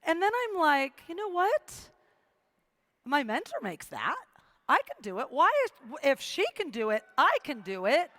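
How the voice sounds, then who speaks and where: High-voiced woman giving an emphatic motivational talk. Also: sing-song, a little slow, a bit bright, no room sound. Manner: emphatic, repetitive, storytelling with quoted dialogue. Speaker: motivational speaker. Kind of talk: motivational speech to a live audience.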